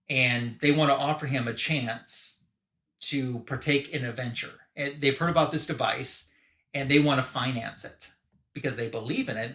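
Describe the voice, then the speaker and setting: A man in a relaxed live-show recap, rambling through a comic plot with lots of "uh" and "you know." His voice sits at a middle pitch, and the room around him sounds noticeably echoey. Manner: rambling, filler-heavy retelling. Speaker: podcast host.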